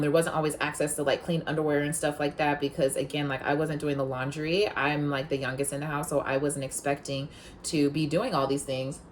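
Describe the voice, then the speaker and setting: A woman's voice: deep voice, slight background noise. A woman hosting a podcast, telling personal stories in a blunt, frank way, cursing freely and peppering her talk with "like.". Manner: heated and emphatic when retelling conflict; rambling with many filler "like"s. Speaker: podcast host. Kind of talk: casual confessional storytelling.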